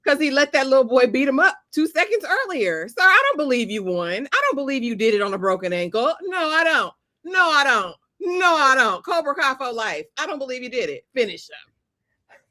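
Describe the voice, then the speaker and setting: A woman's voice: sits high, big pitch swings, fairly quick, hardly any pauses, pushed and bright. A woman in a casual comedic chat, blunt and emphatic, who repeats her lines for comic effect. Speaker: co-host.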